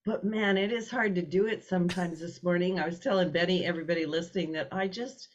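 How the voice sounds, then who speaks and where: A woman's voice: on the low side, fast talker. A woman hosting a morning radio talk show from the Pacific Northwest, chatting casually and giggling as she rambles. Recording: slightly dull lo-fi sound.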